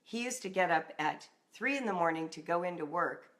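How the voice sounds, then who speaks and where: Animated middle-aged woman storyteller. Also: on the low side, fairly quick. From Southern California. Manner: animated storyteller acting out voices. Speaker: writing and homeschooling coach. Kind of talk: personal storytelling reading.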